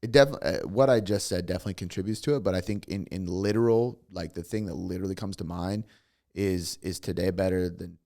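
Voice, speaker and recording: Guy rattling off stories fast, gravelly voice, curses a lot, chill podcast vibe. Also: deep voice. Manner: fast, swearing, animated storytelling. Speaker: fitness coach, guest. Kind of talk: casual podcast conversation.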